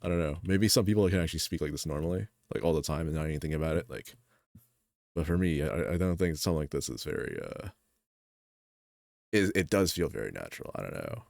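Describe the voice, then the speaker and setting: A man chatting casually as a streamer while he draws, rambling with lots of filler words in a deep, gravelly voice. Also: expressive, fast, a little mellow, dry recording, studio quality. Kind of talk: casual chat while drawing.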